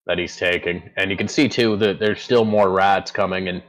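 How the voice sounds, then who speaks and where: A man with a very low voice runs a tabletop game and narrates the scene. He rambles, often stopping mid-sentence to hunt for the right word. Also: fairly even intonation, moderate pace, fairly bright tone, poor audio. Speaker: game master.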